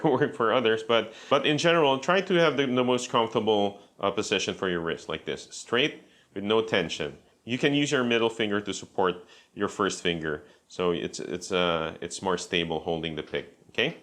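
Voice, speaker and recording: A man teaching a beginner guitar lesson, patiently explaining and counting beats aloud, saying okay often. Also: on the low side. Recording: loud guitar playing behind the voice.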